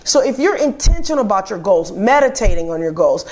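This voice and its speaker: A woman's voice: medium pitch, big pitch swings, brisk, a crowd in the background. A woman, hosting a talk show in an upbeat, motivational way. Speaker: radio show host. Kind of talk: casual chat.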